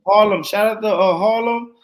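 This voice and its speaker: A man hosting a casual live stream, laid-back and laughing, rattling off shout-outs to viewers. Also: sits high, normal speed.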